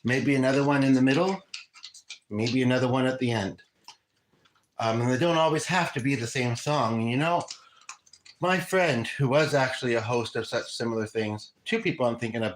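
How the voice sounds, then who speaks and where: A man's voice: mid-range voice, poor audio. Rambling man chatting on a livestream. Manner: rambling, conversational, frequent fillers. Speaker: livestream host. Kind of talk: casual live chat.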